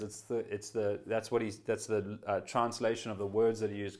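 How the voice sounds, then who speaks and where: A man preaching a sermon in an earnest way, lifting his voice for quoted prayers and dropping soft at quiet moments. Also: fairly low pitch, little pitch movement, moderate pace, hardly any pauses.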